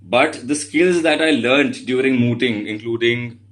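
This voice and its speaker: Earnest lawyer lecturing students. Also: male voice, medium pitch, fairly bright tone, rough recording. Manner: earnest and measured, addressing the audience directly. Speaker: guest speaker, litigating lawyer.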